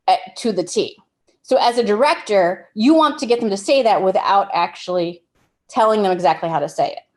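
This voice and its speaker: Woman, film directing instructor, casual workshop talk, conversational, mid-range pitch. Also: darkish tone. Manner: conversational, explains with everyday examples, frequent restarts.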